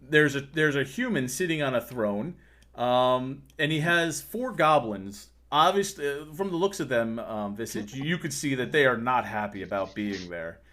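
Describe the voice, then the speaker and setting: A man running a tabletop game as game master, his speech mid-pitched and loose with fillers. He describes scenes as he goes and breaks into laughter often. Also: animated, normal speed, a bit bright.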